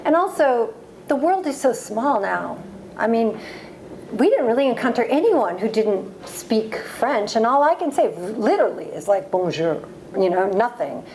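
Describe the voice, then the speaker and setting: A woman in her forties from the United States tells stories at a library talk, quick to laugh. Her voice sits somewhat high. Faint noise hums under the recording. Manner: lively storytelling, laughs often. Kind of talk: reading and audience Q&A. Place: library event room.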